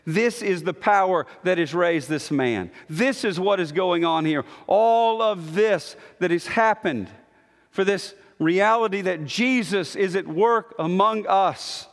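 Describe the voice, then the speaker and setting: High-voiced guy preaching slow and emphatic, big echoey church hall. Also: lively intonation. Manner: emphatic, repetitive declarations, swings from loud to hushed. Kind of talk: sermon. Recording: long hall reverb.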